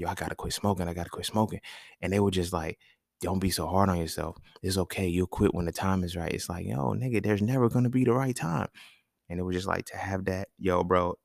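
Young male podcast host, deep gravelly voice, dry close sound, loose profane storytelling. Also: no room sound. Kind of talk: casual monologue.

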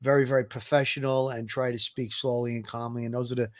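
A man with a Brooklyn New York accent, a former police officer co-hosting a show, talking earnestly in casual chat with many pauses and restarts. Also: medium pitch, flat delivery.

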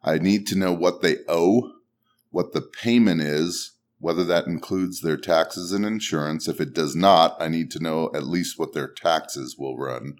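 A man's voice: sits low, measured pace, a little hiss or hum. A man answering as a podcast guest, direct and listing details plainly. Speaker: guest investor. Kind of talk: casual podcast Q&A.

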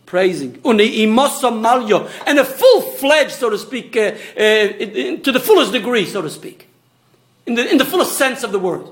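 A rabbi leads a small Torah class in an echoey room. His voice sits high for a man and swings widely in pitch as he explains. He often restarts and tosses in asides. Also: normal speed. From Australia. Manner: animated, stop-start explaining with many restarts and asides.

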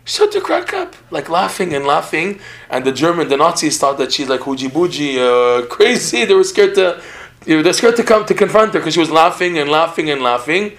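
A man's voice: on the high side, lively intonation, brisk, a bit bright. A man giving a religious lecture in a podcast conversation, talking animatedly with frequent repeated words and laughs. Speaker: religious teacher.

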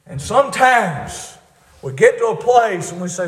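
A man preaching a sermon, fervent, rising to shouts and dropping to hushed asides. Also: sits high, sing-song, unhurried, reverberant.

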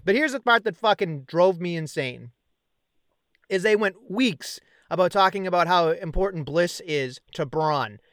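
Ranting, profane man with a high voice. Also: lively intonation, unhurried, fairly bright tone, no room sound, clean studio sound. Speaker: podcast co-host. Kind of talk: casual wrestling chat.

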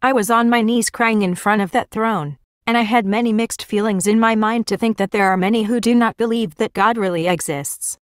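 A woman's voice: fairly high pitch, fairly quick, few pauses, no room sound, clean studio sound. A woman giving a first-person religious vision testimony in an earnest, plain storytelling manner.

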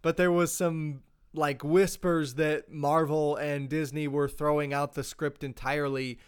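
Chatty podcast host with a smooth voice. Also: male voice, fairly high pitch, level tone, a little slow. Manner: chatty, rambling with fillers. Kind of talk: casual chat.

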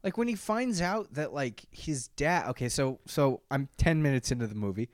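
A man's voice: medium pitch, animated, moderate pace, dry recording. A young man co-hosting a podcast, chatting casually and animatedly with lots of fillers and laughs. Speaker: podcast co-host. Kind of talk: casual chat.

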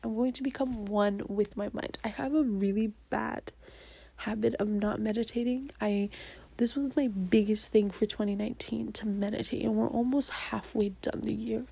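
Soft-spoken young woman with a gravelly edge. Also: on the high side, fairly even intonation, normal speed, poor audio. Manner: earnest, often drops into a half-whisper, repeats affirmations. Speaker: vlogger. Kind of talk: personal goal-setting talk to camera.

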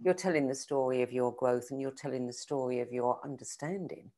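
A woman's voice: a bass voice, fairly quick. A woman hosting a casual conversation, encouraging her guest and summing up what he said. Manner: warm encouraging, reflects back what the guest said. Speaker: host.

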